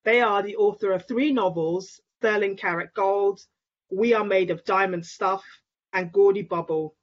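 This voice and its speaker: A woman who is a guest author at an online book event, speaking softly and effusively with halting fillers. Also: mid-range voice, steady tone. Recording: dull lo-fi call audio.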